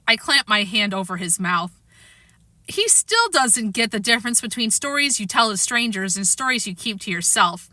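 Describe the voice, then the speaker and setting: A woman narrating a children's chapter book aloud with expressive delivery. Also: medium pitch, normal speed, no echo. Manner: lively, expressive. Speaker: audiobook reader. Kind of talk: storybook narration.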